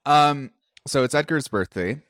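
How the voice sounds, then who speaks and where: A man's voice: mid-range voice, a little slow, no room sound, clean studio sound. A man in his thirties, a podcast producer chatting casually with the host. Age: 30s. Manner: chatty, laughing, lively. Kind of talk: casual chat.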